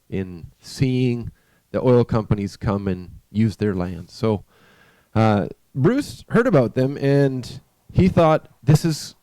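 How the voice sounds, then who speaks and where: A man preaching in a church, telling a story in a conversational, halting way with frequent restarts. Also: on the low side, dark tone, dry recording. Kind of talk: storytelling sermon.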